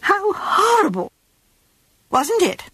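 A man voicing a prim, fussy genteel lady in a shrill falsetto, breathless and gossipy, in a comic spoof of a mystery reading. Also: wildly swooping pitch, slow, pushed and bright, no room sound, full character voice. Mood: gushing.

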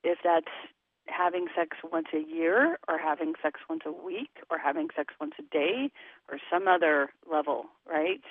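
A woman's voice: sits low, normal speed, no room sound. Frank woman coach on a tinny phone line. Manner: frank and emphatic, talks candidly about sex. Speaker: relationship coach. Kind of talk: interview over a phone line.

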